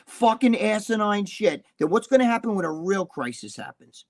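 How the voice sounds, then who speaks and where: A man's voice: high voice, big pitch swings, moderate pace. A man with a New Jersey accent, co-hosting a casual live chat in a blunt, rambling, profane way. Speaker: co-host.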